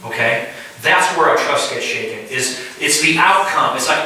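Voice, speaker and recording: Animated man preaching in an echoey room. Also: fairly high pitch, normal speed, a little hiss or hum. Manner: animated, acts out little scenes, asks the room. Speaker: pastor. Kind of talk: informal sermon with skits. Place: house church room. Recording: echoey room, mic far off.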